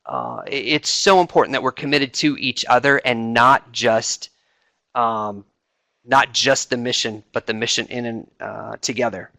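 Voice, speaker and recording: Middle-aged man, senior enlisted advisor, bright dry voice, loose conversational delivery with fillers. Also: medium pitch, animated, unhurried, creaky, no echo. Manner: conversational, many fillers and restarts. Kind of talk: informal talk to a webinar audience.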